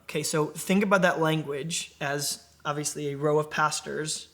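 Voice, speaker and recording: A young adult ministry preacher leads a conversational, animated Bible teaching for a young adult group, frequently asking the listeners questions. His voice is a little high, at normal speed with hardly any pauses.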